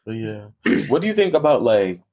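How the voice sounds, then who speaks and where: A man's voice: on the low side, big pitch swings, normal speed, a little mellow. A young man co-hosting a podcast, telling stories in loose, profane chat and laughing often. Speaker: podcast co-host. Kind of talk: casual chat.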